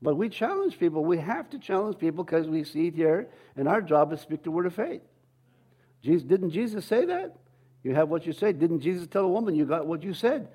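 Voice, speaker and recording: Male pastor, conversational sermon, slightly high voice, acts out voices. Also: sing-song, brisk, dark tone, husky. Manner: conversational preaching, acts out quoted voices, repeats words.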